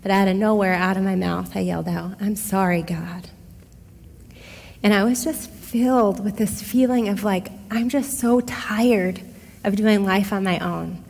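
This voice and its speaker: A middle-aged woman tells her personal story in a relaxed, conversational way and talks straight to the people listening. Her voice sits at a medium pitch and carries a long hall reverb, as if she is on a stage in a large room. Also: moderate pace, vocal fry. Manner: conversational, expressive, addresses listeners directly. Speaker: speaker giving a personal testimony. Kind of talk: casual storytelling testimony.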